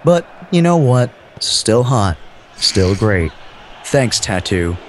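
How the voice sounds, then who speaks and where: A man doing playful amateur football commentary in a smooth, mock-suave radio-announcer manner. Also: lowish voice, sing-song, slow pace, slight background noise.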